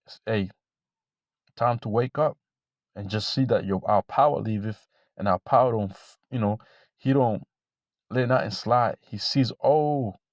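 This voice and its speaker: A man preaching informally to camera, blunt and profane, repeating himself and reading scripture slowly. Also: fairly low pitch, no room sound, highs cut off. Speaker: religious teacher.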